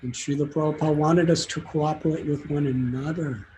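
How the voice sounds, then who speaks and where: A man's voice: on the high side, fairly even intonation, a little fast, dark tone, slight background noise, poor audio. A man telling a devotional story as a sermon, in an earnest and heartfelt way. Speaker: spiritual teacher giving a talk.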